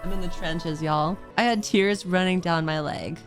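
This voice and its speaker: A woman's voice: on the low side, moderate pace, faint music behind. A woman streamer in casual chat who rambles, laughs often and leans on "like" as she reads chat aloud. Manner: rambling, giggly, heavy use of "like".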